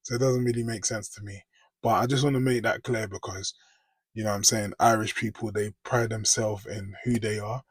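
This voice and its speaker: A man's voice: lowish voice, steady tone, a little fast, slightly rough, no echo. A British man, chatting casually in a rambling reaction vlog. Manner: chatty, rambling, frequent "do you know what I mean". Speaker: vlogger.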